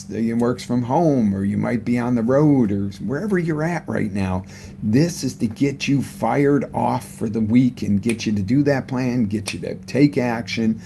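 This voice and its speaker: A man with a gravelly, low-toned voice delivers an off-the-cuff motivational talk. He speaks conversationally and keeps putting questions to his listeners. Faint background hiss sits under him. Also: dark tone. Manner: conversational, asks the audience questions. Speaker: motivational coach. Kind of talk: unscripted live motivational talk. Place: live broadcast setup.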